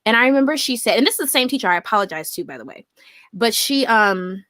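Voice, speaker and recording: A woman with a fairly high, very bright voice, telling a story on a podcast. She is animated and blunt, and she swears freely as she goes. The recording is close and dry. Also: fast, dry recording. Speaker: podcast co-host. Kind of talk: casual chat, storytelling.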